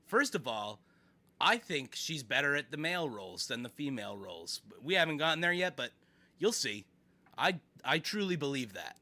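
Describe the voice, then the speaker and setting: A man's voice: mid-range voice, normal speed, no echo. A man streaming live, chatting casually with his viewers as he reacts to a clip. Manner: animated, chatty, talks to chat.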